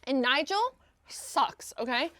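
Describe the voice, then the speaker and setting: A woman telling lively stories in casual podcast chat, acting out the people she quotes. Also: high voice, slow, slight background noise. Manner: animated storytelling, quotes people in voices. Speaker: guest.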